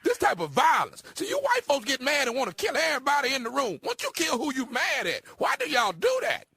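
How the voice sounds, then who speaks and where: A man making a prank phone call on a radio show, deadpan and provoking. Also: extremely high pitch, a little fast, gravelly, shouting.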